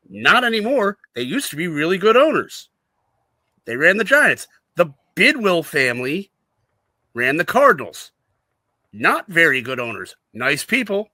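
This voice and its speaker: Sarcastic high-voiced animated man. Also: no echo. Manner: sarcastic, mocking with put-on whiny voices. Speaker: podcast co-host. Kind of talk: casual sports chat.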